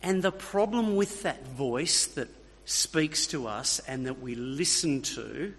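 Slow, husky-voiced male preacher. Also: mid-range voice, expressive, fairly bright tone. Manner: emphatic, repeats key phrases, asks the congregation. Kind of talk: sermon. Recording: long reverb of a hall.

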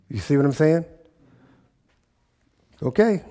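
A man's voice: a little high, lively intonation, moderate pace, darkish tone. A pastor preaching a sermon, emphatic, repeating phrases and checking in with his listeners.

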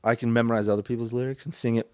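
Young man, podcast co-host, rapid casual talk, nervous, cracking voice, dry close sound. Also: mid-range voice, fairly even intonation, dry recording. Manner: fast, mumbling delivery, self-critical. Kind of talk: casual chat. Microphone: studio microphone.

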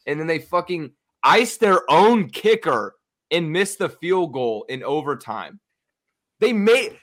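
A young man with a bright, sharp-edged voice talks football in a loose podcast chat. He swears freely and gets worked up quickly. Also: a little high. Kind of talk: casual sports chat.

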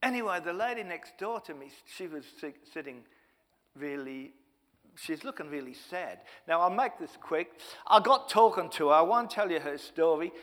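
A fairly high-voiced man spins a chatty, self-deprecating story with plenty of asides. His voice carries the long reverb of a church hall, and he speaks as a guest evangelist. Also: lively intonation, moderate pace, a bit bright. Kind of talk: storytelling testimony.

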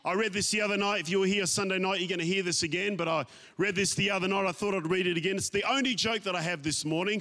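A man's voice: high voice, sharp tone. A man preaching a sermon, stretching out key phrases and calling on the congregation. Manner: emphatic, drawn-out phrases, calls to the congregation. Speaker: pastor. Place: church sanctuary.

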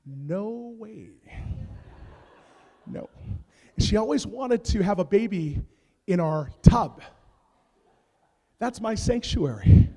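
A man with a fairly high voice preaches in a big hall, and his words ring out with a long echo. He tells his story with comic energy, going from quiet asides to loud bursts. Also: slow, pauses often. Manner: animated comic storytelling, big swings in loudness. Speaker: pastor. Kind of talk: sermon. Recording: long reverb of a large hall.

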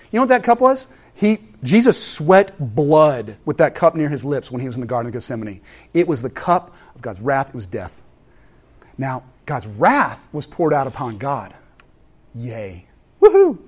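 Animated pastor preaching conversationally. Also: male voice, on the high side. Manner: animated, conversational preaching with big swings from loud to hushed. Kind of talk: sermon.

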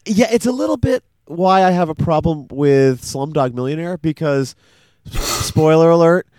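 A man co-hosting a podcast in casual chat, rambling and animated as he recaps a cartoon. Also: a little high, normal speed, clean tone, no echo. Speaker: podcast co-host.

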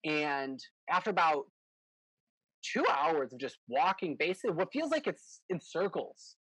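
A man's voice: a little high, big pitch swings, a little slow, pushed and bright, husky, no room sound, low-quality recording. A man running a tabletop game as game master, describing scenes in a rambling, self-correcting way.

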